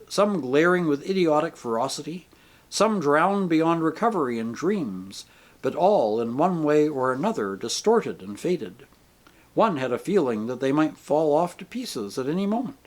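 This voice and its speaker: A man narrating an audiobook in an expressive, animated way. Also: fairly high pitch.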